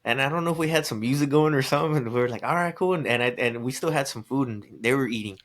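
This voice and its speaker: A young adult man chats casually on a podcast, rambling through a story. He acts out what others said and breaks into laughter between lines. His voice sits at a middling pitch. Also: racing. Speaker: podcast guest.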